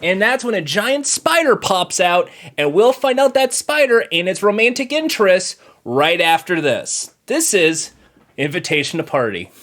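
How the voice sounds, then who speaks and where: Playful, animated male comedy host. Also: sits high, normal speed. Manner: playful and joking, laughs often. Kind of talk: comedic banter.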